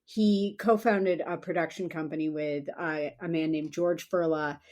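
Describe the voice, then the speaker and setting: A woman co-host talks through a movie in a relaxed, chatty way. Her delivery is wry and gossipy, full of offhand asides, and her voice sits a little low. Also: a little slow. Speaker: podcast co-host. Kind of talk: casual film-talk chat.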